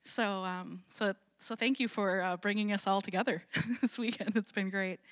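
A woman's voice: mid-range voice, fairly even intonation, normal speed, no echo, clean studio sound. Chatty middle-aged woman, laughing testimony. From Wisconsin, USA. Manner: chatty and self-deprecating, laughs often between phrases. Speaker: ministry founder, guest speaker. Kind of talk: personal testimony at a church event.

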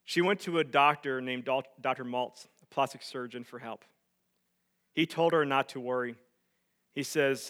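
A male pastor preaching, dropping to hushed tones and rising to loud emphatic peaks as he tells a story. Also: medium pitch, normal speed. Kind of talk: sermon.

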